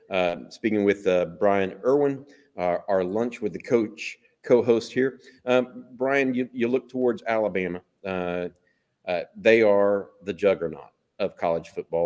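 A man hosting a sports talk show, asking questions in a relaxed, conversational way and often checking in with "right?". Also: low-pitched. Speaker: host.

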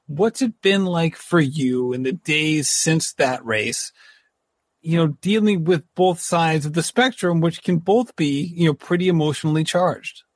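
A man hosting a podcast interview, thoughtful and slow, searching for words. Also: a little high, lively intonation, dry recording, studio quality. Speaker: podcast host. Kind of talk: casual interview talk.

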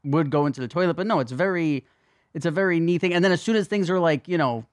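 A man's voice: fairly high pitch, fast talker, dry recording, clean studio sound. A man co-hosting a podcast, bantering casually, joking crudely and swearing freely. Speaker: podcast co-host.

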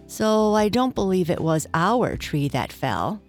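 A woman voicing an eager young male beaver who talks in a quick, excited way. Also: lowish voice, soft background music. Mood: earnest.

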